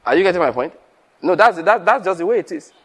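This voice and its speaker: A man with a high, breathy voice talks fast as he preaches to fellow pastors. He tells lively stories, acts out conversations, and laughs often.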